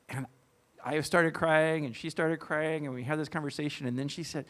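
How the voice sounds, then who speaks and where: A middle-aged man, a guest speaker at a church event, telling a personal story in an earnest, halting way with fillers and restarts. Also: fairly high pitch, fairly even intonation, a bit bright.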